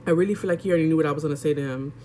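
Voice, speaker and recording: A woman's voice: deep voice, rapid-fire, darkish tone, a little hiss or hum. A young woman vlogger telling a personal story in a candid, chatty way, addressing her viewers directly. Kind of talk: casual storytelling vlog.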